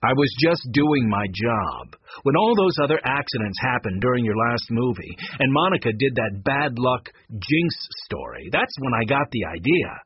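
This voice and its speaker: A man's voice: medium pitch, very animated, moderate pace, husky, dry recording, lo-fi sound. A man voicing a scheming male publicist who argues defensively and pleads. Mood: pleading.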